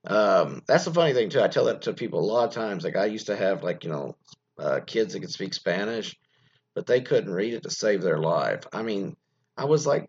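Husky-voiced man riffing on the news. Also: lowish voice, sing-song, normal speed, darkish tone. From United States. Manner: rambling, frequent restarts and fillers, reads news aloud then riffs. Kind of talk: casual opinionated commentary. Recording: dull lo-fi sound.

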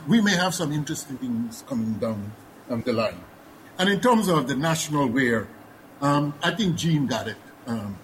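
Guyanese guy on a panel, bit high voice, lots of ums, faint hiss behind. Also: a bit bright, low-quality recording. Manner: thoughtful, many fillers and restarts. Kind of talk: panel discussion.

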